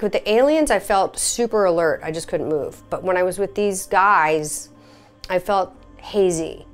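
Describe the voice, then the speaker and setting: A woman recounting a personal experience in a conversational, filler-heavy way, her voice leaping up when she relives quoted moments. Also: medium pitch. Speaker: experiencer sharing her story. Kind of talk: personal testimony.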